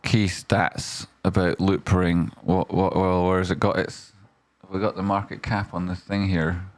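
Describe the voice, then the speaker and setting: A man's voice: low-pitched, flat delivery, measured pace, dry recording. A man, commenting on stocks in a rambling, casual way with lots of fillers, breaking into sweary rants. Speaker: stock market streamer.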